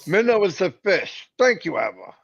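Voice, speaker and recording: Man, high voice, casual live-stream chat, rambling, jokey, fillers, dull lo-fi sound. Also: sing-song, moderate pace, gravelly, husky. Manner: rambling, joking, with many fillers and restarts.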